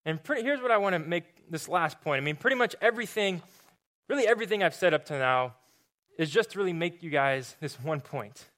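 Casual, fairly high-voiced male pastor. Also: expressive, a little fast, a bit bright. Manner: casual, repeats words, filler-heavy preaching. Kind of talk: sermon and closing prayer.

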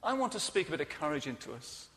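A man preaching a sermon, telling the story earnestly and often dropping soft and quiet. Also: on the high side, very animated, quick pace, long reverb tail.

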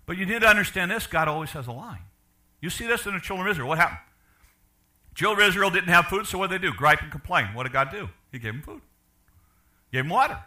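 An older man preaching a sermon, asking the congregation questions and swinging from loud to quiet. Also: high voice. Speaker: pastor.

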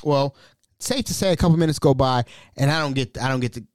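A man hosting a podcast, telling a family story in a casual, animated and exasperated way. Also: mid-range voice, fast talker, no room sound, studio quality. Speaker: podcast host.

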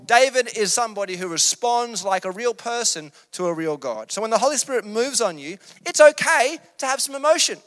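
A man's voice: sits high, expressive, brisk, few pauses, a bit bright, in a large hall. A man preaching a sermon in an earnest, emphatic, conversational way.

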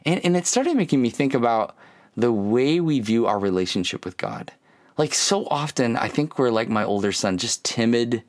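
A man in his thirties preaching in an easygoing, conversational way. His pitch swings widely as he acts out the voices in his stories, and he leans on filler words. He sounds animated and personal. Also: normal speed. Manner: animated storytelling with many filler "like"s and acted quotes. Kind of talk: conversational sermon.

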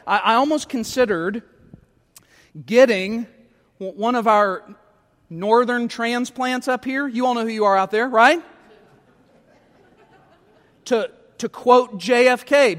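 His voice strikingly high and a little bright, a middle-aged pastor preaches in a church sanctuary where long reverb trails his words. He keeps it chatty and pokes fun at himself, often tossing short questions to the congregation after his points.

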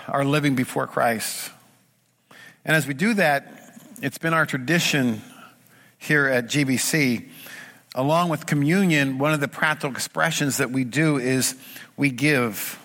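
A man's voice: mid-range voice, bright, forceful tone, in a large hall. A middle-aged man preaching a sermon as pastor, earnest and emphatic, building his points through repeated phrases. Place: church sanctuary.

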